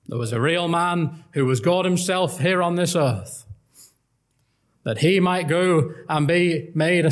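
A man preaching an earnest, emphatic gospel sermon and quoting old-style scripture. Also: a little high.

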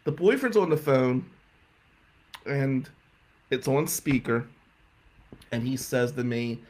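A man telling a comic story in an animated, profane, incredulous way. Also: medium pitch, slow, pauses often, heavy background noise. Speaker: stand-up comedian.

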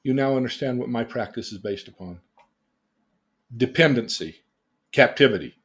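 At a moderate pace, a man with a medium-pitched, fairly bright voice and a breathy edge gives an animated storytelling lesson. He is a therapist and teacher who teaches emotional independence through theatrical stories, first exclaiming, then questioning his listener.

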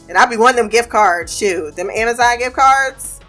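A fairly high-voiced woman speaks at a moderate pace with faint music in the background. In a laid-back monologue, she complains about her remote team, cursing and laughing as she animatedly recounts it.

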